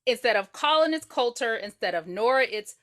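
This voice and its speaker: Podcast co-host: playful woman, bright and sing-song, sassy asides. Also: a little high, animated, fairly quick. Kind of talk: casual TV recap chat.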